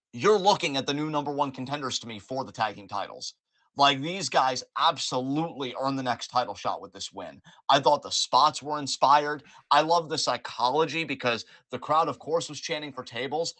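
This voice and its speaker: Bright, profane, animated man host. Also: medium pitch, no room sound. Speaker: podcast host. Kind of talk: casual wrestling recap chat.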